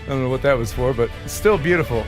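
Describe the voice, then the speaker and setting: An American man hosting a casual livestream chat, jokey and quick to laugh. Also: medium pitch, music in the background. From United States. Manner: jokey, laughs often, animated. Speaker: host.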